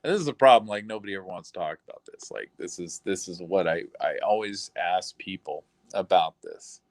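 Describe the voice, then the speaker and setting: A man's voice: low-pitched, a little fast, no echo. A man hosting a podcast, talking casually and incredulously over interview audio, cursing often and thinking aloud with fillers. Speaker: podcast host.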